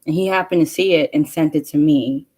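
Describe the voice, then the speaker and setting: A woman's voice: sits low, brisk, a little mellow, breathy edge, poor audio. A young woman telling a rambling story in a casual vlog, with lots of fillers. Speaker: vlogger. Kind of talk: casual chat.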